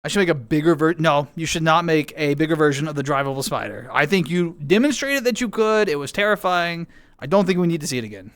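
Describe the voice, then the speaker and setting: A man's voice: on the high side, lively intonation, fast, a bit bright, smooth, no echo, studio quality. A man streaming, chatting casually and rambling playfully to his viewers while playing a game. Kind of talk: casual chat with chat.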